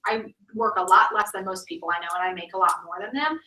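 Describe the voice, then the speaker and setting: A woman's voice: medium pitch, animated, fast, bright, forceful tone. A woman in her thirties, a sales director, giving an emphatic, chatty training talk full of "like.". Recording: echoey room, mic at a distance.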